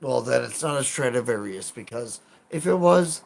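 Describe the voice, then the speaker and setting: A man's voice: mid-range voice, expressive, moderate pace, vocal fry. A man casually chatting with his live chat as a streamer, rambling, self-deprecating and swearing now and then.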